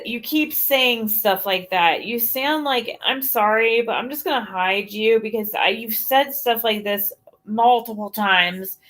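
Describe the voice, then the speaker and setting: A woman's voice: medium pitch, fairly bright tone. Blunt, fed-up woman ranting on stream. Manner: blunt, profane, exasperated ranting. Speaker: livestreamer addressing chat. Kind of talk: casual livestream rant.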